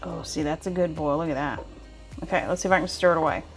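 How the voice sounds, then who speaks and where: A chatty woman with a drawl talks viewers through a kitchen task in a low, relaxed voice. Her manner is folksy and homey, with soft music playing faintly behind her. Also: fast, gravelly. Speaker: home cooking vlogger. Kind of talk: casual cooking demonstration. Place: home kitchen.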